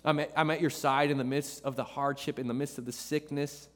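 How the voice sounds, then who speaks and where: A man's voice: medium pitch, steady tone, fairly quick, a bit bright, close to an everyday voice. Male preacher as God: tender, insistent, mid voice, long hall echo. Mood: reassuring. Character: gentle reassuring voice of God, male. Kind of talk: sermon. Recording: long reverb of a large hall.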